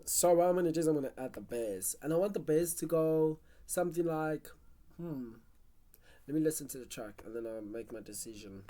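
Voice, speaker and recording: Chatty music streamer, lively pitch. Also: a little fast. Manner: chatty, talks to self and chat, hums basslines. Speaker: music producer streaming live. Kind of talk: casual live-stream commentary while producing.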